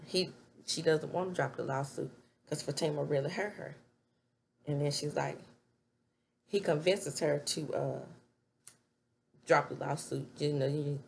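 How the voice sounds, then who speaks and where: A woman recapping a TV show in casual, animated chat from a home webcam setup. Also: deep voice, gravelly, a little hiss or hum. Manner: chatty, animated, laughs while retelling scenes. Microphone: webcam setup with ring light.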